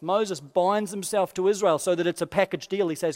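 A man's voice: sits high, a little fast, few pauses. Man preaching in a reverberant hall. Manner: expressive, dips quiet for quoted lines. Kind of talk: sermon.

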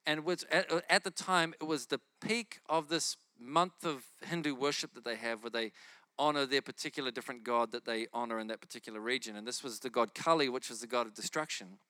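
A man preaching a sermon, telling a testimony in an animated way and acting out his own inner voices. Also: medium pitch, a little fast, no echo, clean studio sound.

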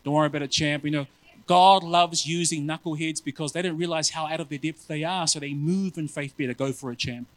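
A man's voice: fairly high pitch, fairly even intonation, fairly quick, natural voice. A male preacher voicing an encouraging male pastor from his past, in an easygoing folksy manner.

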